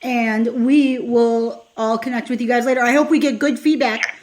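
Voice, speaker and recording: A woman's voice: fairly high pitch, fairly even intonation, moderate pace, noisy background. A woman co-hosting a casual podcast, adding brief laid-back remarks and giggling. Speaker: podcast co-host. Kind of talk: casual chat.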